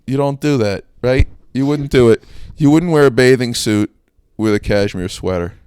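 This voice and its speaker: A young man co-hosting a casual comedy podcast, delivering provocative jokes in a deadpan way. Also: mid-range voice, normal speed, clean tone, dry recording, clean studio sound. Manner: deadpan, provocative shock humor with frequent laughs. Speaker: podcast co-host.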